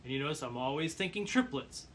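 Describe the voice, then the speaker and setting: A man giving a percussion lesson, calmly explaining brush patterns and counting beats aloud. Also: a little high, quick pace, heavy background noise. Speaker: percussion teacher. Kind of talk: instructional demonstration.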